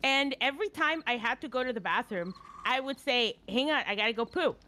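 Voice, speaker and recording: A woman's voice: on the high side, lively intonation, brisk, pushed and bright, slight background noise. A woman streamer chatting while gaming, laughing easily and telling a story. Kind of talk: casual chat while gaming.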